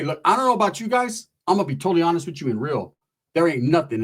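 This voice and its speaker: A man from California telling a profane story and acting out the people in it with animated voices. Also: medium pitch, slightly rough. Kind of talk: storytelling stand-up.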